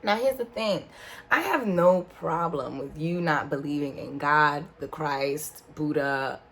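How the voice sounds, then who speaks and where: A woman telling a story in a casual, animated way, with slangy asides and sudden exclamations. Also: sits low, a little slow. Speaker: vlogger. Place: indoor room in front of a backdrop.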